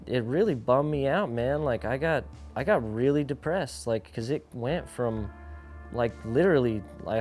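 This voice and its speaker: A young man, a pro skateboarder, candidly telling his personal story in a casual, slangy way, filling his talk with "like" and acting out the lines of other people. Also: mid-range voice. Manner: casual, slangy, full of "like", acts out quoted dialogue.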